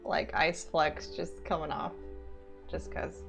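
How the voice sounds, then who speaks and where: A woman with a lowish, gravelly voice talks casually as a tabletop game player, quick to laugh between her lines. Soft music plays under the session. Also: little pitch movement. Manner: laughs often, chatty and quick. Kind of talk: casual game chat in character.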